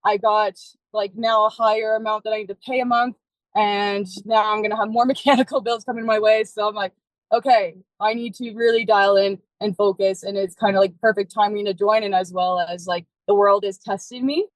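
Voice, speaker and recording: A woman's voice: medium pitch, steady tone, brisk, dry recording, poor audio. A woman speaking as a client on a group coaching call, sharing her setbacks openly with casual swearing.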